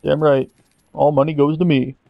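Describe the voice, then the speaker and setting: A man's voice: fairly high pitch, level tone, moderate pace, vocal fry, no room sound, muffled recording. A man commentating over his own video game playthrough, sarcastic and mock-dramatic, swearing casually. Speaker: gameplay commentator. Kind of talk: sarcastic let's-play commentary.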